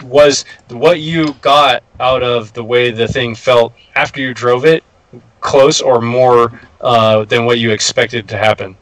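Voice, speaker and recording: A man's voice: mid-range voice, steady tone, unhurried, fairly bright tone, dry recording, low-quality recording. A man in casual chat who rambles with lots of fillers and restarts. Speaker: guest truck builder.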